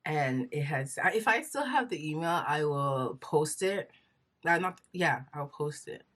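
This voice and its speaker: Low-voiced woman telling her story. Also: measured pace. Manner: chatty, animated retelling with quoted inner dialogue. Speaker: vlogger. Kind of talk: personal storytelling.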